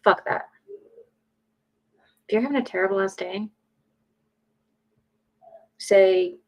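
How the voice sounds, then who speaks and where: A woman's voice: medium pitch, takes it slowly, gravelly, pauses often, dull audio. A woman chatting casually on a live stream, blunt and opinionated, swearing freely. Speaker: streamer, podcaster. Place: home.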